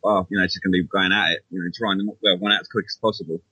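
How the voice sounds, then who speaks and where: A man's voice: low voice, fairly even intonation, very fast, sharp tone, slightly rough, no echo, poor audio. A man in casual chat as a podcast co-host, rambling and hesitant, often restarting his sentences, heard over an online call.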